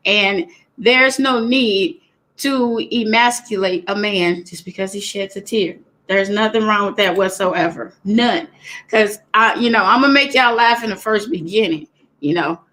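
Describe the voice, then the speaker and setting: Chatty woman hosting a livestream. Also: a little high. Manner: warm, thanks chat viewers by name. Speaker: livestream host. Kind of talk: casual livestream talk.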